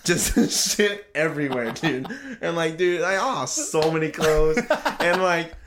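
A man's voice: fairly high pitch, lively intonation, a little slow, background noise. Young man, casual chat host, rambling storyteller, swears, laughs often.

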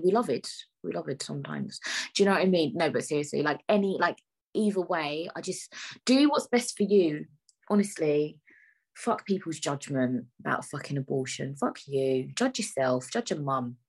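Husky woman ranting on her podcast. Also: low-pitched. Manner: frank, exasperated, swears freely, many fillers. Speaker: podcast host. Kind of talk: solo podcast rant.

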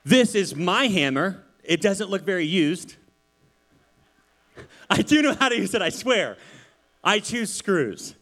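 A man, a pastor, giving a casual sermon in church, chatty and animated, telling stories with many asides. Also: high-pitched, slow pace, long pauses.

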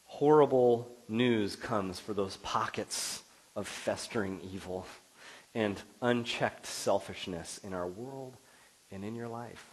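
A middle-aged man delivering a sermon as pastor, expressive and building to emphatic peaks. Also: lowish voice, slow, poor audio.

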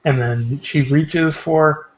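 A man's voice: on the high side, fairly even intonation, slow, slight background noise. A man playing in a tabletop game over a call, thinking aloud about his character's moves. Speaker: player. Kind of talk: casual tabletop role-play. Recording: dull lo-fi call audio.

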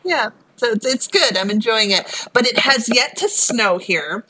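A woman from Philadelphia with a light Philly accent, chatting casually as a podcast co-host, laughing often and filling pauses with um and yeah. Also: a little high, animated, bright, forceful tone, poor audio. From Philadelphia, USA. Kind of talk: casual chat.

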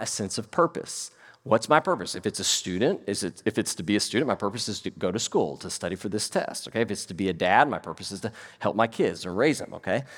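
A male pastor preaching a sermon to a congregation in a church, putting questions to the listeners as he goes. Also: mid-range voice. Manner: animated, quizzes the congregation. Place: church sanctuary before a congregation. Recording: long hall reverb.

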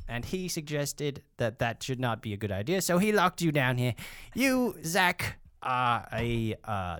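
A man's voice: medium pitch, fairly bright tone, clean tone, dry recording, studio quality. A man narrating as game master of a tabletop game, loose and full of fillers, with crude jokes.

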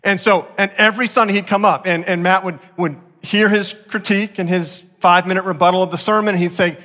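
Pastor, male, high and bright voice, animated delivery with vivid acted-out quotes, big hall reverb. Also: fast talker. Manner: expressive, acts out quotes with sharp jumps in pitch. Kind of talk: sermon. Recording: long reverb of a large hall.

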